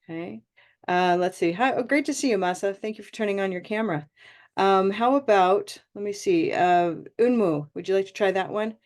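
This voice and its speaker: A woman leads an online pronunciation class, speaking through a video call mic. She praises her students warmly and stretches out vowel sounds so they can copy them. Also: medium pitch. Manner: encouraging, models vowel sounds slowly. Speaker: pronunciation teacher.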